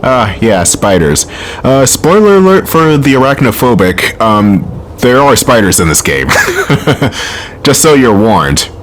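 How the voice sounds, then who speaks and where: A man's voice: mid-range voice, big pitch swings, slow pace, slight background noise. A man hosting a let's play, giving casual, joking gameplay commentary full of rambling tangents.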